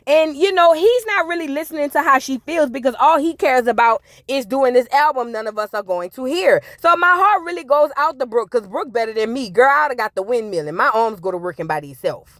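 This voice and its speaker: Sassy high-voiced woman recapping TV. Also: animated, a little fast, a bit bright, no room sound, studio quality. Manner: sassy, opinionated, talks straight to viewers. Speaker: reality TV reviewer. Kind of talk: casual recap commentary.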